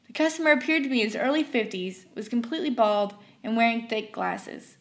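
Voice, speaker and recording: A woman telling a story from her fast-food job in an animated way, acting out the characters. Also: a little high. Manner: animated, acts out every character. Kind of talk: storytelling narration.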